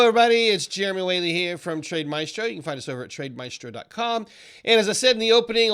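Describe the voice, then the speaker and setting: A middle-aged man explaining market charts in a casual screen-share lesson, animated and quick to mimic panicky traders in quoted asides. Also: a little high, smooth. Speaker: trading educator.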